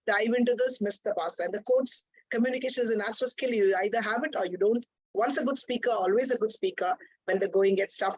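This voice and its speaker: A woman giving a brisk grammar report at a club meeting, listing words and correcting usage over a video call. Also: on the high side, no echo, poor audio.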